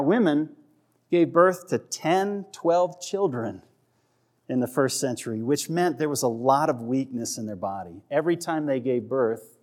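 A man's voice: medium pitch, a little mellow. A man preaching a sermon in a conversational way, checking in with the congregation and acting out voices for humor. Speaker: pastor.

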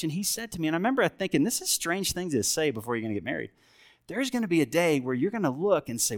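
A middle-aged pastor preaching a sermon in a church, conversational, asking his congregation questions and moving between lively emphasis and quiet reflection. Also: on the high side, fast.

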